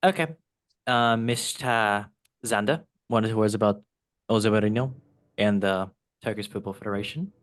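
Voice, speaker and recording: A man's voice: lowish voice, moderate pace, fairly bright tone, no echo, clean studio sound. Loose, jokey man hosting a football panel. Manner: jokey, loose, asides while reading. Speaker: podcast host. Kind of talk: casual panel chat and news reading.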